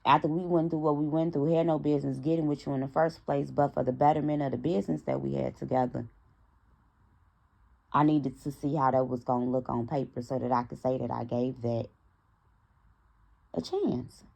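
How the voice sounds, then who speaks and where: Low gravelly woman telling a story. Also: normal speed. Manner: animated, talks straight to her audience, acts out quoted dialogue. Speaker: storytime vlogger. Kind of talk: casual storytime to viewers.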